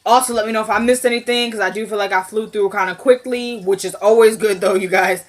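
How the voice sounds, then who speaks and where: A woman's voice: mid-range voice, steady tone, quick pace. A young woman giving a casual, chatty recap of a TV episode, laughing and talking straight to her viewers. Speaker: TV recap vlogger.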